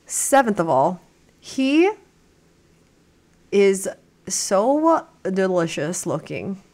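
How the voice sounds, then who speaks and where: A woman's voice: lowish voice, lively intonation, measured pace. A young woman reaction streamer chatting at home, gushing and rambling with many restarts. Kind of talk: casual chat.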